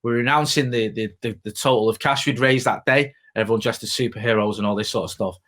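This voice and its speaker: A man's voice: medium pitch, fairly even intonation, fast, fairly bright tone. A man, co-hosting a casual podcast and telling stories in a chatty way, swearing freely. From Greater Manchester, England. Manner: chatty storyteller, swears freely, laughs often. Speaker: podcast co-host, former reporter.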